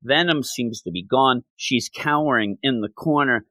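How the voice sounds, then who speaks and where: A comic book podcast host recaps a story casually, quoting characters' lines along the way. His mid-range voice is bright and forceful, at normal speed, with no echo.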